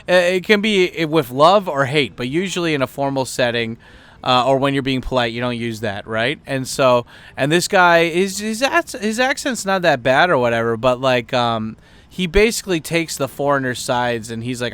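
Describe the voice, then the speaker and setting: Smooth-voiced man rambling and swearing. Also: medium pitch, lively intonation, moderate pace, fairly bright tone. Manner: rambling, heavy fillers and swearing. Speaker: podcast host. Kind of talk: casual profane monologue.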